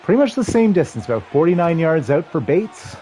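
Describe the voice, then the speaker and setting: A man in his thirties streaming a football video game, calling the plays and chatting with viewers in a rambling, excitable way. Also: fairly high pitch, a little fast, slight background noise. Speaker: livestream gamer and commentator. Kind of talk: casual play-by-play chat with chat.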